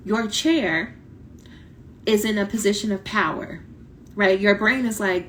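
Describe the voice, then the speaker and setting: A woman coaching doctoral students in a casual live talk, blunt and lively, acting out quoted voices, her voice starting to tire. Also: medium pitch, a little slow, long pauses, slight background noise. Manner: animated, blunt, talks directly to viewers, acts out quoted voices. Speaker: dissertation coach.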